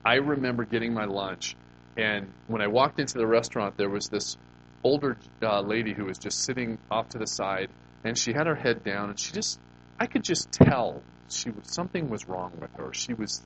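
A man preaches in a relaxed, conversational way. He tells stories and asks his listeners questions, and he often restarts his sentences. His voice sits at a middle pitch, with a faint hum behind it. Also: low-quality recording. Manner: conversational storytelling, rhetorical questions, frequent restarts. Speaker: pastor. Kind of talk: sermon.

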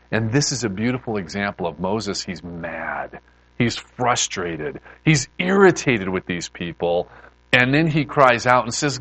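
A man preaching in a relaxed, chatty way, often stopping to restart a sentence. His pitch swings widely as he talks. The sound is dry and close, with no room echo. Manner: animated, conversational preaching with many restarts. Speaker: pastor. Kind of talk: sermon.

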